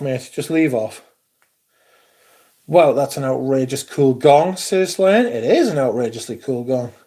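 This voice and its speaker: Sweary, excitable British man streaming. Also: a little high. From Britain. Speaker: livestream host. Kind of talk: casual livestream chat.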